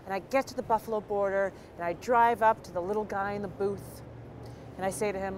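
A woman from Canada telling a personal story with an animated, self-deprecating comic delivery. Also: medium pitch, fast talker, a little hiss or hum.

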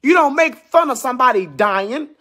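A man ranting angrily in a video clip, shouting and swearing as he speaks. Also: extremely high pitch, animated, normal speed. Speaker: Trump supporter in a played clip. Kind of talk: angry rant.

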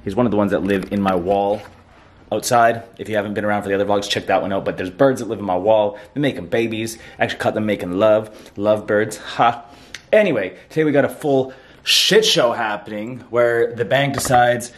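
A man's voice: fairly low pitch, animated, a little fast. Profane, ranting man vlogging. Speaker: fitness vlogger. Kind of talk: casual vlog rant.

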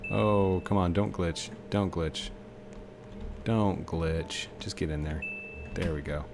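A man's voice: low-pitched, fairly even intonation, slow pace, creaky, background noise. A man giving casual, rambling commentary while playing a video game, talking to himself and the game. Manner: chatty, talks to himself and the game.

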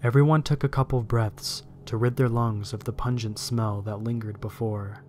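A man's voice: mid-range voice, slight background noise. Man narrating a horror story. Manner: steady, measured storytelling reading.

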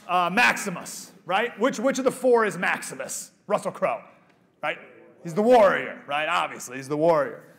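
A man in his thirties speaks to a live audience with a slightly high voice. He is animated, jokes with the crowd, and sometimes drops to a soft, hushed tone. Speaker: speaker at a pro-life event. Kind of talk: live motivational speech to an audience. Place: event venue with a live audience.

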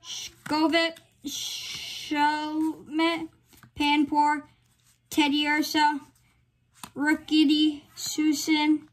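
A woman's voice: sits high, completely flat delivery, drawn-out words. A woman hosting her own channel, giving casual commentary as she reads off items one by one in short phrases. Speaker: channel host. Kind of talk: casual card-opening commentary.

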